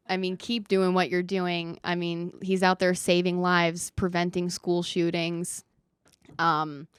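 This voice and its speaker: Low-voiced sarcastic woman podcast host. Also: smooth, dry recording, clean studio sound. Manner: sarcastic, rambling, swears freely. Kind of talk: casual comedic monologue.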